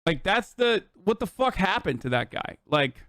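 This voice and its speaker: A man's voice: high-pitched, big pitch swings, normal speed, creaky, a bit bright, dry recording, studio quality. A man livestreaming political commentary, ranting in a heated, profane, exasperated way.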